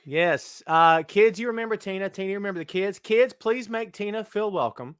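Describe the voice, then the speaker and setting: High-voiced joking male stream host. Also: animated, a little fast, clean tone, no room sound, clean studio sound. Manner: loud, joking, self-mocking banter. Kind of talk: casual live-stream chat.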